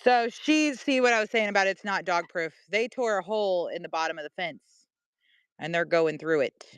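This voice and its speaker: Casual vlogger, middle-aged woman, clear voice, outdoors, chatty and talks to her pets. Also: on the low side, normal speed, no echo. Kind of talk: casual walk-and-talk vlog. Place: outdoors in a backyard with animals.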